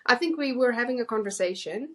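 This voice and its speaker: A woman's voice: fairly high pitch, expressive, quick pace. A woman, an Afrikaans speaker, co-hosting a casual chat and laughing easily. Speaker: podcast co-host.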